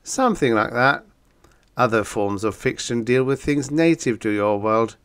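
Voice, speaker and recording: A man's voice: mid-range voice, animated, moderate pace, fairly bright tone, clear, resonant tone, natural voice. Man playing a breezy bug-eyed space monster. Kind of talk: audiobook character voice.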